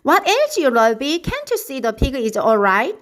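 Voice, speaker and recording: A woman's voice: fairly high pitch, expressive, a little slow. Woman doing a flustered, hollering farmer. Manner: loud, flustered exclamations. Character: excitable farmer, middle-aged man.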